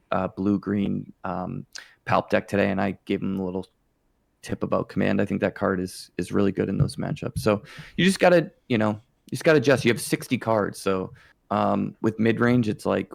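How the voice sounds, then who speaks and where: Male co-host, gravelly, low, dry close mic, loose rambling chat. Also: a little mellow, no echo. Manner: rambling, many fillers. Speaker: podcast co-host. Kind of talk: casual chat.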